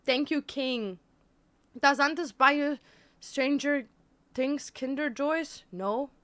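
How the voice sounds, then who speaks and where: Bright, teasing woman streamer. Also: sits high, slow pace. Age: 20s. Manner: blunt, teasing, switches between English and German. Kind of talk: casual livestream chat.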